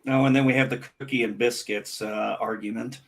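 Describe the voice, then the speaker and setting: A man's voice: mid-range voice, steady tone, a little fast, gravelly. Rambling American man chatting. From United States. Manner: rambling, curious, many restarts. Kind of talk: casual chat.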